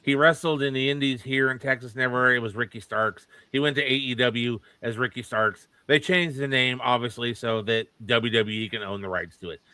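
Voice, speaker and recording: A man's voice: mid-range voice, steady tone, moderate pace, few pauses, bright, forceful tone, clear, resonant tone, no room sound. A man co-hosting a wrestling podcast, giving plain-spoken, opinionated takes in casual chat. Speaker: podcast co-host.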